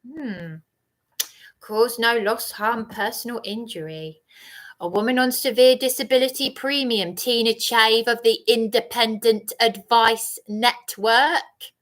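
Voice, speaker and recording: Woman, livestream rant, accusatory and repetitive, slightly high voice, slow delivery. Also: fairly bright tone. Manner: agitated, accusatory, repeats herself.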